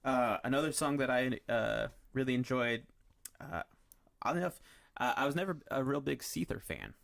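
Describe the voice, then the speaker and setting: A man's voice: medium pitch, lively intonation, normal speed, gravelly, a bit bright. A man hosting a podcast, chatting casually and rambling through a story with lots of fillers and restarts. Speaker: podcast host. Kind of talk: casual chat.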